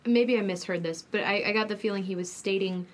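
A woman's voice: medium pitch, fairly quick, slight background noise. A woman co-hosting a casual podcast, asking questions and teasing with laughter. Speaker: podcast co-host. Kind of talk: casual chat.

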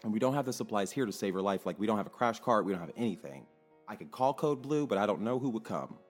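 A man's voice: lowish voice, quick pace, faint music behind. A man telling a story in a casual, emphatic monologue, now and then cursing. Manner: animated, emphatic, swears freely. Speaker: clinic worker telling a story.

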